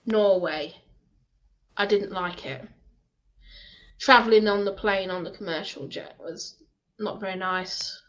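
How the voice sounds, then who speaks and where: A woman speaks very slowly in a bright, sharp voice. She chats casually late at night and pauses often to search for words. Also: mid-range voice, dull audio. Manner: hesitant, with fillers and restarts. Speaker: co-host of a live stream.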